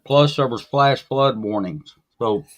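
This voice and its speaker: A man from Mississippi talking in a casual group chat, plain-spoken and steady. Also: mid-range voice, unhurried. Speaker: chat participant. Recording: dull lo-fi call audio.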